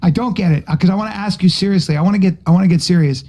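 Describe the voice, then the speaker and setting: A man's voice: high voice, very fast, dark tone. A man hosting a casual podcast, bickering defensively with his guest and stumbling over his words. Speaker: podcast host.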